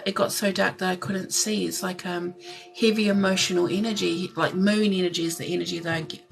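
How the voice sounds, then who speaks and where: Soft-spoken woman doing a tarot reading, bit of vocal fry, emotional, faint music underneath. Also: fairly low pitch. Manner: emotional, tearful at times. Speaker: tarot reader.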